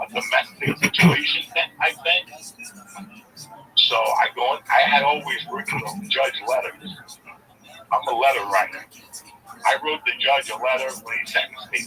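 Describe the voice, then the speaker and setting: A man casually telling a profane story, acting out the dialogue as he goes. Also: medium pitch. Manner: profane, animated retelling with quoted dialogue. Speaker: storyteller guest. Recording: far from mic with music behind.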